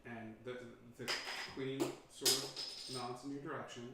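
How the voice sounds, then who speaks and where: A man's voice: medium pitch, little pitch movement, moderate pace. A man running a tabletop game as game master, narrating with many fillers. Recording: echoey room from far off, faint noise.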